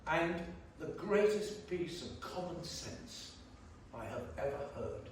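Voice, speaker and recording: A man's voice: fairly high pitch, expressive, slow, slight background noise. A man giving a blunt, emphatic, jokey speech to a community meeting in a church hall. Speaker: guest panellist. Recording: very echoey church hall, far from mic.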